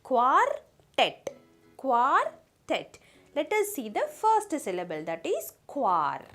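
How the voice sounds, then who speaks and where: A woman teaches young children their letters. Her voice sits high and swings up and down, and she sounds out each letter slowly and carefully, with soft music faintly behind her. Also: wildly swooping pitch. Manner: slow and deliberate, sounding out letters, asking the children questions. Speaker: kindergarten teacher. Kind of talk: phonics lesson for young children.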